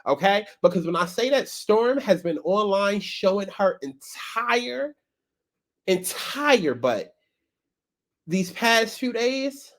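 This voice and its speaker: A woman's voice: medium pitch, animated, takes it slowly. A woman hosting a casual commentary vlog, talking bluntly and sassily and calling her viewers baby and child. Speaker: commentary YouTuber.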